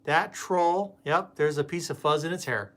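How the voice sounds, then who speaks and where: A man's voice: a little high, normal speed, fairly bright tone. A man hosting a casual live stream, chatting and greeting viewers by name with plenty of fillers. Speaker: host.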